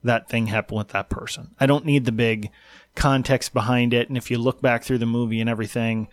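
A man's voice: medium pitch, level tone, brisk, no echo. Laid-back guy talking movies, chuckles, dry close sound. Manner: easygoing, laughing, retelling jokes. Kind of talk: casual chat.

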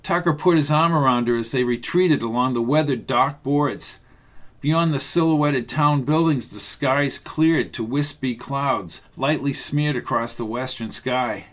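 A man reading a novel aloud as narrator, in a steady, measured way. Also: mid-range voice. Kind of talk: audiobook narration.

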